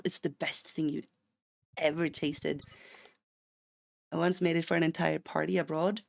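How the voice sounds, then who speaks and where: Casting: male streamer from Sweden, gravelly fry in the voice, loose rambling chat with frequent restarts. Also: a little high, level tone, unhurried, long pauses. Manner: rambling, chatty, restarts sentences, drifts into tangents. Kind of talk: casual live-stream chat while gaming.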